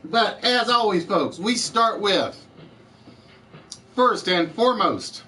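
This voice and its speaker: A man's voice: high-pitched, expressive, slow, pushed and bright, slight background noise, rough recording. A man with a Southern US accent hosting a live-streamed trivia game show, chatting with viewers and answering their comments as he goes.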